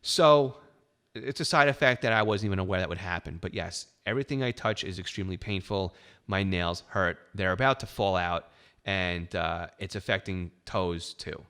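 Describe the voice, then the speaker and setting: A man's voice: low-pitched, moderate pace, pushed and bright, clean tone. A middle-aged man hosting a podcast, telling his own story in a candid, wry way with self-deprecating humor. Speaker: podcast host. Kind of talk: personal storytelling monologue.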